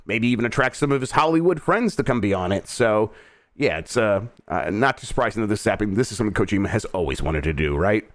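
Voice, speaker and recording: A man's voice: on the low side, expressive, fast, no echo. A middle-aged American man hosting a game news show, reading headlines and then riffing on them in an easygoing way with lots of fillers. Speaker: host. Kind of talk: casual news chat.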